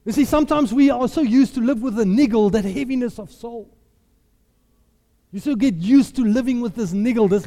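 Guy preaching, animated storyteller, mellow tone, lots of hall reverb. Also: very high-pitched, moderate pace. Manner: animated storyteller, laughs often, acts out quotes. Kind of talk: sermon.

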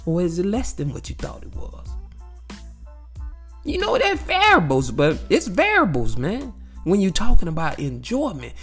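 A man's voice: high-pitched, moderate pace, husky, faint music behind. A man in a casual, profane monologue, talking straight to his listeners and circling back to the same phrases. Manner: animated, repetitive, peppered with "you know what I'm saying". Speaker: vlogger sharing life views.

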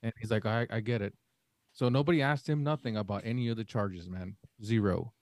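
A man's voice: on the low side, brisk, a little mellow, dry recording. A man co-hosting a podcast, telling a long story in casual chat and acting out the dialogue in it. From Mexican family. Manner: rambling storyteller, acts out quoted dialogue. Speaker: podcast co-host.

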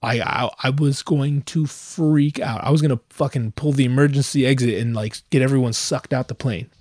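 A young man telling a profane, exasperated story in a dry close recording, with slangy talk that keeps stammering and restarting. His pitch stays mid-range as he rants animatedly. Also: normal speed, darkish tone, dry recording. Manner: stammers and restarts when worked up. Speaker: vlogger. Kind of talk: casual storytelling rant.

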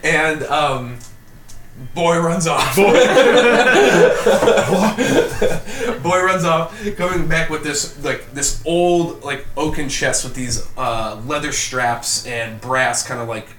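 A man's voice: fairly high pitch, lively intonation, drawn-out words, a loud crowd. A man running a tabletop game as game master, narrating casually with many fillers, recorded in a roomy space. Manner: rambling, full of fillers. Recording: roomy echo, distant mic.

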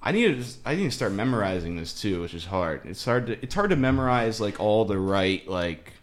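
A man's voice: on the low side, expressive, brisk. A man in casual podcast chat, telling jokes, laughing often and swearing.

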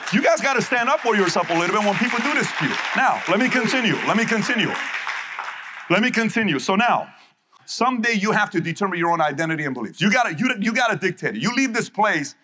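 Punchy, forceful male seminar speaker. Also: high-pitched, big pitch swings, quick pace, a little hiss or hum. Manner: emphatic, punchy, repeats key phrases. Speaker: motivational speaker. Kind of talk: live seminar speech to an audience.

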